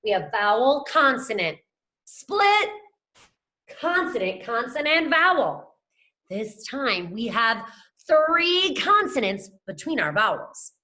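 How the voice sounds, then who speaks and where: A woman's voice: on the high side, sing-song, measured pace, sharp tone. A young adult woman teacher giving a phonics lesson to children, upbeat and encouraging, talking to them as friends. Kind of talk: scripted classroom lesson to camera.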